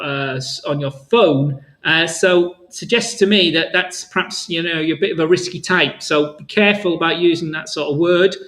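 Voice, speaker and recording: A man's voice: fairly high pitch, fairly bright tone, low-quality recording. A man hosting a live trading Q&A webinar, chatty and rambling, calling viewers "my friend", his voice a little worn. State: voice tiring.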